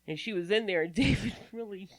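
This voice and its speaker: A woman co-hosting a casual chat podcast, animated, laughing often and swearing casually. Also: mid-range voice, fast talker, dry recording. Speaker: podcast co-host.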